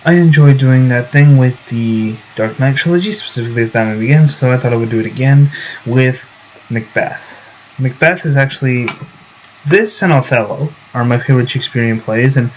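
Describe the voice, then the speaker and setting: A man's voice: mid-range voice, a little hiss or hum, rough recording. A young man vlogging casually, rambling with many fillers and restarts. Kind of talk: casual vlog talk.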